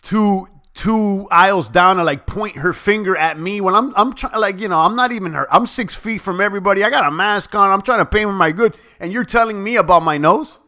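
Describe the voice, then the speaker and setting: A young man hosts a livestream in a casual, rambling style, talking directly to his viewers. His voice sits a little high for a man and has a bright, forceful edge. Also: quick pace, few pauses. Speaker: crypto livestream host.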